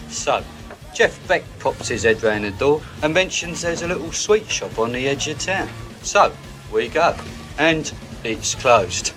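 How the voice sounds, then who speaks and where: An actor with a British accent playing a boastful rock roadie, telling a wild tale in a matter-of-fact way. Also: male voice, mid-range voice, natural voice. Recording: clip played with music under it.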